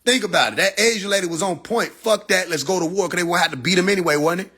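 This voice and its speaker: Brash, profane man ranting with a husky voice. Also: sits high, fast, pushed and bright. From Atlanta. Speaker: livestream host. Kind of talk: casual livestream rant. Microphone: phone.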